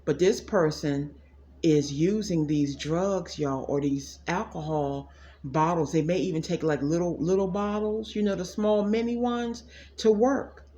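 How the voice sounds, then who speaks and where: A woman's voice: lowish voice, fairly even intonation, unhurried, warm tone, muffled recording, slight background noise. Sassy, blunt woman psychic reader. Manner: sassy, blunt, talks straight to viewers as "y'all". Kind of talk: casual direct-to-camera reading.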